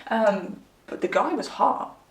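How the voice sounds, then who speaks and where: A woman's voice: medium pitch, expressive, takes it slowly, far from the mic. Woman, tarot reader, chatty and candid, roomy echo, mic set back. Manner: chatty, candid, addresses viewers directly. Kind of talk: pick-a-card tarot reading.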